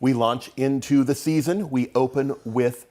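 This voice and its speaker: A man's voice: mid-range voice, fairly even intonation, unhurried, dark tone. A man, a theatre's artistic director, guesting in a TV studio interview, good-humored and upbeat as he runs through a season.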